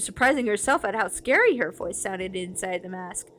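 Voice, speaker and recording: A woman streamer reading a children's horror book aloud, expressive with small slips. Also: mid-range voice, moderate pace, soft background music. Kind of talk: storybook read-aloud.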